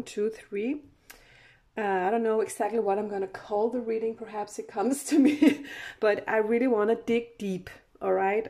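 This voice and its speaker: Woman, tarot reader, slow unhurried delivery, casual chat, frequent laughs and fillers. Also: mid-range voice, creaky, a little mellow. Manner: chatty, laughs often, many fillers and restarts. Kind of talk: casual tarot reading to camera.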